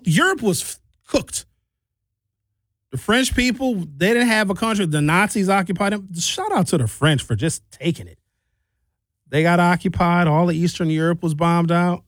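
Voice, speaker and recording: A man from Wisconsin doing a stand-up comedy rant, animated with sarcastic asides. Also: on the high side, no echo. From Wisconsin, USA.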